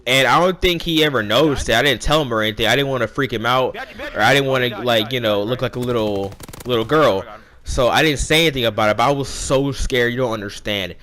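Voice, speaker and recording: A young man casually telling a personal story, rambling and animated as he acts out what people said. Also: mid-range voice, quick pace. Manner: rambling, animated retelling with quoted dialogue. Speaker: vlogger.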